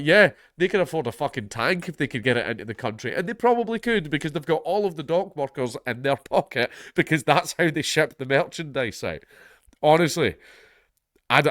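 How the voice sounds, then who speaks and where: A Scottish man with a stuffy head cold hosts his own channel, reading a news story aloud in an even, mid-range voice. He keeps breaking off into blunt, sardonic asides laced with swearing. The recording is dry and close, with no room echo. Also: medium pitch. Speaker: commentary channel host.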